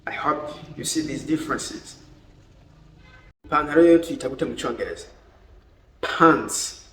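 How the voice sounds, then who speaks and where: A man with a Burundian accent teaching English vocabulary, repeating each word slowly and clearly as he switches between languages. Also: a little high, a bit bright. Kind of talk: bilingual vocabulary lesson. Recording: echoey room, faint background noise.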